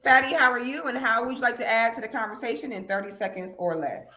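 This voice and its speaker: A woman's voice: a little high, fast, sharp tone. Defiant woman host in an echoey room. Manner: dismissive, defiant. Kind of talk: live online chat show.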